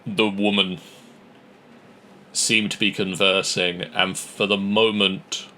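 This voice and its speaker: A man narrating a tabletop game as game master, slow and halting, with long pauses. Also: sits low, little pitch movement, pushed and bright, a little hiss or hum.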